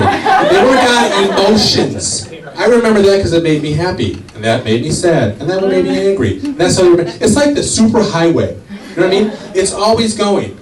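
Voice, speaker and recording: A man doing stand-up comedy on a club stage, animated and acting out family dialogue. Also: high voice. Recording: echoey club, from far off. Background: loud audience laughter.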